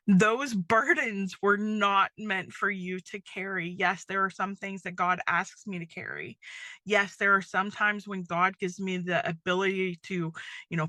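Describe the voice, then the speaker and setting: A middle-aged woman hosts a faith podcast in a chatty, rambling way, full of "um" and "like." Her voice is bright and forward, recorded close and dry with no room sound. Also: mid-range voice, dry recording. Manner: chatty, many fillers like "um" and "like". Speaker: podcast host. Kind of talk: casual faith-based podcast monologue.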